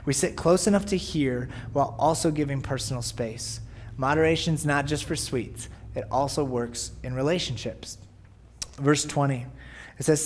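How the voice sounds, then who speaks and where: Friendly-paced male pastor, sermon podcast, chatty delivery, fairly high voice. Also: normal speed. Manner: conversational, often asking "right?".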